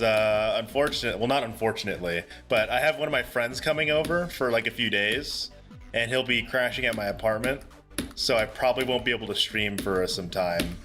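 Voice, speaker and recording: A man's voice: mid-range voice, pushed and bright. A young man talking casually to viewers during a live stream, earnest and chatty, swearing freely and laughing often. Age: young adult.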